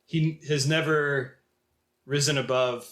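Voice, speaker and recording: Male podcast co-host, fairly high voice, reflective and hesitant delivery. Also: steady tone, slow pace, fairly bright tone. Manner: thoughtful, musing, hesitant with many fillers. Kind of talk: casual film discussion.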